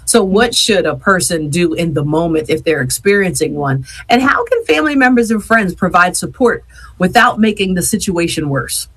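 Lady radio host in the studio, easygoing y'all kind of talk, kinda low voice. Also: expressive, normal speed, a bit bright, breathy edge. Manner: chatty, informal, uses y'all. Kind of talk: casual radio interview. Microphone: headphones on, studio mic.

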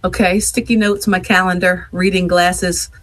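A woman's voice: lowish voice, little pitch movement, normal speed. A woman hosting a radio talk show, chatting casually and informally with her guest in the studio. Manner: chatty, informal, uses y'all. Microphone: headphones on, studio mic.

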